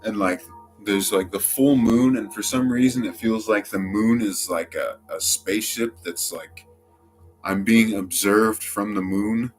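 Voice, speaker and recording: Rambling young man, low voice, faint music. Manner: rambling, heavy use of filler "like"; swearing, quick quoted outbursts. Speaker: storyteller. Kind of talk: casual first-person story.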